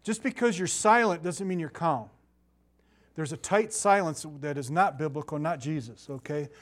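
Animated conversational male preacher. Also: fairly high pitch, moderate pace. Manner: conversational, animated, frequent laughs and asides. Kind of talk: sermon.

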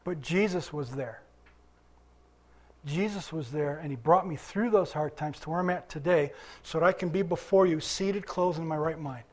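High-voiced man preaching to a congregation. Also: normal speed. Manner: conversational preaching, quizzing the congregation. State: recovering from illness. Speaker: pastor. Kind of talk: sermon.

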